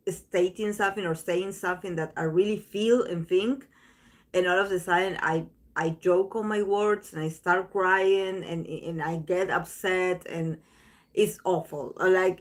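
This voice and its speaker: A woman hosting a tarot channel, chatting casually to viewers in a rambling way, full of restarts and fillers. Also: medium pitch.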